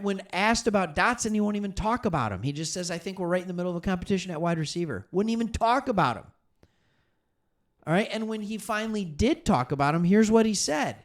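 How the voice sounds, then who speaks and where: A man hosting a solo sports talk show, emphatic and animated, speaking straight to his viewers. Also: sits high. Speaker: sports commentary host.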